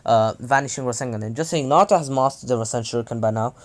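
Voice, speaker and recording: A man's voice: mid-range voice, fast talker. A young man casually retelling a fan-made story, rambling with frequent fillers and self-corrections.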